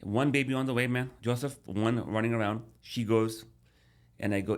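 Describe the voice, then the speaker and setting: A man in his thirties, a podcast guest, telling a personal story in a casual, animated way with many restarts. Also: medium pitch, moderate pace.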